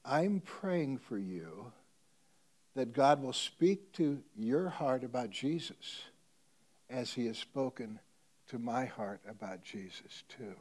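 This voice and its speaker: A man voicing a calm, gentle woman teacher in a quiet, hushed way within a sermon story. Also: medium pitch, a little slow, close to an everyday voice. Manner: hushed and soft.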